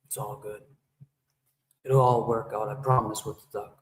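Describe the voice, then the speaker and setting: A man livestreams, chatting casually with viewers, rambling and joking as he responds to the chat. His voice is fairly low with flat delivery at a moderate pace. A shower-like echoey reverb effect is applied to his voice.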